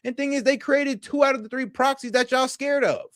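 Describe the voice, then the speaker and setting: A man doing casual political reaction commentary, animated, slangy and profane, talking straight to his viewers. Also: very high voice, fairly quick, no room sound, studio quality.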